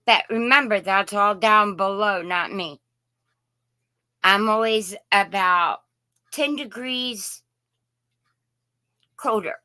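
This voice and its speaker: A woman's voice: medium pitch, takes it slowly, long pauses, bright, forceful tone, smooth, no room sound. A woman from Indiana hosting a casual live chat, greeting viewers by name in a folksy way. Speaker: live stream host.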